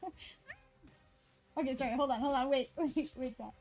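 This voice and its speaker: High-voiced, rambling woman streamer. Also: brisk, darkish tone. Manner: swears freely, rambling and chatty, talks to her dog. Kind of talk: casual stream chat.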